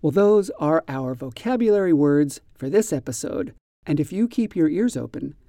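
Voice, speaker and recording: A man teaching an English vocabulary lesson, spelling each word slowly and acting out examples. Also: on the high side, expressive, mellow, no echo, studio quality.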